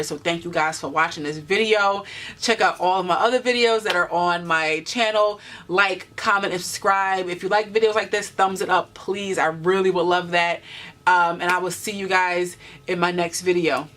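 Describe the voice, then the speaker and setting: A woman's voice: lowish voice, fairly even intonation, normal speed, a bit bright. A woman in her twenties talking earnestly to camera in a vlog, encouraging her viewers with many "you know" fillers. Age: 20s. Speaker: vlogger. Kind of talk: heartfelt talk to camera.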